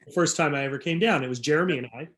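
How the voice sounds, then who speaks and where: Slightly higher-voiced man hosting a chat. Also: racing, a bit bright. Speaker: chef, podcast host. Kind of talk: casual interview conversation.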